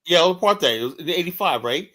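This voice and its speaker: A man's voice: a little high, lively intonation, racing, crowd noise. A man, a podcast host, chatting casually and telling anecdotes, often checking in with "right?". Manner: storytelling, repeats "right?" often. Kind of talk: casual chat.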